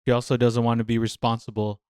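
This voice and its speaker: Male nurse, casual reaction vlogger; resonant voice, mid pitch, vents and repeats himself when fired up. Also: monotone, quick pace, darkish tone, clear, resonant tone, no room sound, studio quality. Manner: passionate, venting, thinks aloud with repeated phrases.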